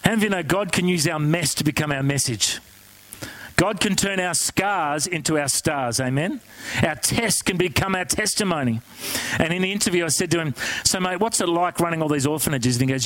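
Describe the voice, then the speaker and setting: A man preaching a sermon, telling a story in an animated, conversational way and asking the congregation questions. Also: a little high, fairly quick, dry recording, low-quality recording.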